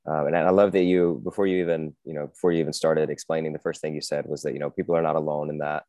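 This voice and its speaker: A man's voice: rumbling low, little pitch movement, fast, warm tone, no echo. A man hosting a podcast, replying in an affirming, thoughtful way with frequent fillers in a casual conversation. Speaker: podcast host.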